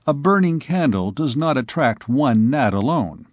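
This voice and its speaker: A man narrating a classic novel as an audiobook, in a measured storytelling manner. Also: mid-range voice, expressive, no echo, clean studio sound. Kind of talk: scripted narration.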